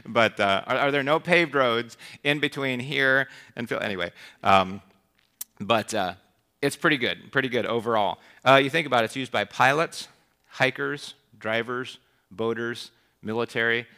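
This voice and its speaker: A man's voice: medium pitch, moderate pace, pushed and bright. A man preaching a sermon in a conversational, rambling way, full of restarts and rhetorical questions.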